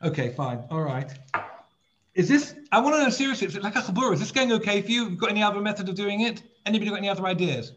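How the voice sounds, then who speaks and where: A man's voice: sits high, animated, very fast, fairly bright tone. A man leading a scripture reading class, chatty and full of repeated words, switching between talk and chanting Hebrew verses over a video call. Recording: dull lo-fi audio.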